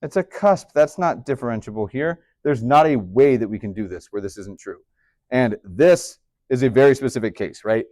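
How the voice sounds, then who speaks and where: A man's voice: mid-range voice, animated, moderate pace, mellow, no echo. Chatty male math teacher, dry sound. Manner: chatty, upbeat, joking asides to students. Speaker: high school math teacher. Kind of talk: classroom lecture. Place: classroom.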